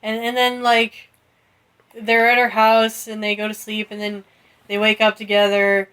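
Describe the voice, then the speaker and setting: A female podcast co-host walks through a book's plot in loose, joking chat, often laughing and swearing. Her voice sits at an everyday mid pitch. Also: monotone, unhurried, a bit bright, smooth. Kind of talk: comedic book recap.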